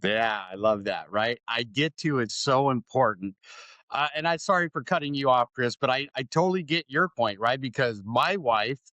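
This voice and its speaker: A man's voice: medium pitch, moderate pace, no room sound. A middle-aged man hosting an interview podcast, telling stories animatedly, acting out the voices he quotes, and often asking "right?". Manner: animated storyteller, acts out quoted voices, keeps adding "right?". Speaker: podcast host. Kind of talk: conversational interview.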